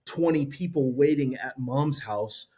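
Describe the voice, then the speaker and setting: A man, a podcast guest, telling a story in a casual, animated way and acting out what people said. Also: medium pitch, unhurried, crowd noise. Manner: animated storyteller, acts out quotes. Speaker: interview guest.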